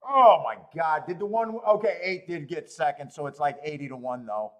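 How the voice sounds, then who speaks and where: A man's voice: on the high side, expressive, normal speed, a bit bright. A man hosting a live horse racing handicapping stream, talking to himself and swearing in frustration over his bets.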